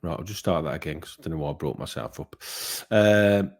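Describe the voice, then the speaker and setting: With a very deep voice and a brisk delivery, a man hosts his own football fan channel. He gives his opinions in a casual, conversational monologue that rambles with fillers and restarts.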